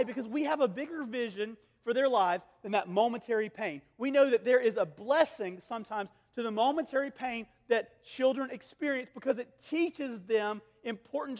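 A pastor in his thirties delivers an earnest sermon with a strikingly high-pitched man's voice. He swings between emphatic, raised passages and hushed, intimate asides. A long reverb trails every phrase, as in a large sanctuary. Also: moderate pace, few pauses.

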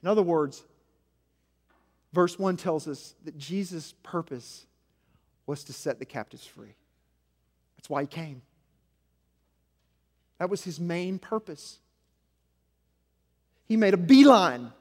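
A man preaching a sermon as senior pastor, swinging between loud emphasis and hushed, low passages. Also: expressive, slow pace, long pauses. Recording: long hall reverb.

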